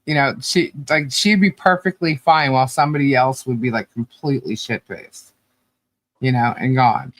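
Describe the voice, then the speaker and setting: A woman's voice: rumbling low, normal speed, dry recording. A woman co-hosting a podcast in casual chat, fondly and emotionally reminiscing and laughing often. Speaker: podcast co-host.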